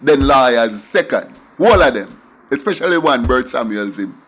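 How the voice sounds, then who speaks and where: A man's voice: mid-range voice, animated, normal speed, fairly bright tone, breathy edge. A middle-aged man with a Jamaican accent tells a story in an emphatic monologue, slipping into patois for asides. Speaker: commentator.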